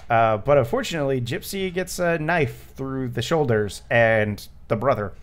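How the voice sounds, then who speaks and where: A man's voice: medium pitch, expressive, moderate pace. Rambling man chatting about a movie. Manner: rambling, filler-heavy, laughs often. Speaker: podcast host. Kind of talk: casual movie commentary chat.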